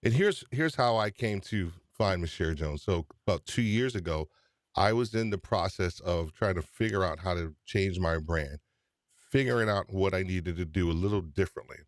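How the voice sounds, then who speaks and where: Upbeat low-voiced male podcast host. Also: lively intonation, moderate pace, no echo, clean studio sound. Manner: upbeat, chatty, teasing. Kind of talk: live-stream podcast hosting.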